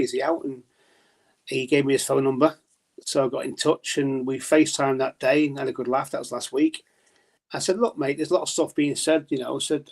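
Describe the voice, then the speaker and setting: A man's voice: medium pitch, vocal fry, a little mellow. A man as a podcast guest in casual chat, telling stories chattily, swearing and laughing often.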